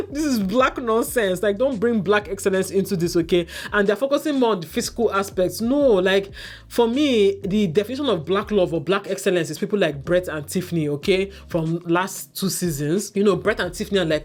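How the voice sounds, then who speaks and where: Woman, exasperated, ranting, mock-quoting, mid-pitched voice. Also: expressive, fairly quick. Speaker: reality TV reviewer. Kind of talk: casual opinionated review.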